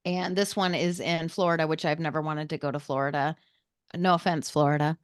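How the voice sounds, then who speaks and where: A woman hosting a podcast, chatty and quick to laugh, asking her guests lots of questions. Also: deep voice, steady tone, clean tone, no room sound, clean studio sound. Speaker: podcast host. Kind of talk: casual chat.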